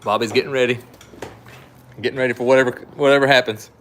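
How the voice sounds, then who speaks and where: A middle-aged man with a drawl talks folksy and rambling, like he's hosting a live sale for viewers he knows. His voice sits at an ordinary, middling pitch, and the talk stays easygoing. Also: fairly even intonation, fast, a bit bright, a little hiss or hum. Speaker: knife shop host. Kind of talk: casual live-stream sales chat.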